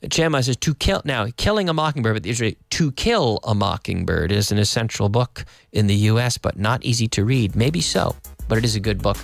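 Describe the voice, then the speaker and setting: A man's voice: fairly low pitch, animated, a little fast, gravelly, no echo, faint music behind. A man teaching an English lesson on the radio, explaining phrases at an easy pace, dropping in Spanish glosses and answering listener questions.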